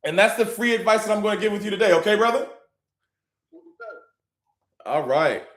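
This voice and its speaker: A man hosting a livestream, hyping the audience and preaching about business, swinging between loud and hushed. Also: high-pitched, fairly even intonation, very fast, roomy sound. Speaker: livestream host. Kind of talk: hyped livestream talk.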